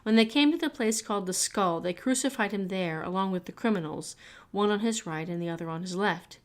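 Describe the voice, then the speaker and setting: A woman reading scripture aloud for a church, clear and steady. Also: mid-range voice, fairly quick. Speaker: Bible reader.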